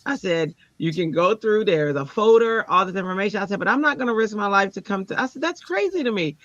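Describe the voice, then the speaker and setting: A woman's voice: quick pace, dry recording, highs cut off. A woman, a teacher, telling a personal story in casual chat and acting out the people she quotes. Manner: animated, acts out quoted people with jumps in pitch.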